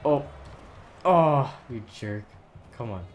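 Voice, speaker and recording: A man hosting a gaming channel, giving excited live commentary over his own match, often yelling and laughing at plays. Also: mid-range voice, slow pace, slight background noise.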